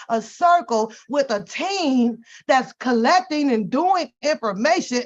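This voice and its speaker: A woman with a somewhat high voice tells comedic stories and rants in a loud, profane, animated way. She jokes her way through the commentary. The recording sounds dull and lo-fi. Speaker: reaction channel host.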